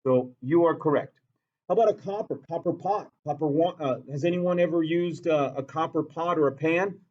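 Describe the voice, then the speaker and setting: Guy teaching science class, kinda high voice, slow and repetitive, muffled lo-fi sound. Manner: animated, repeats key points, quizzes students. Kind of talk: classroom lecture.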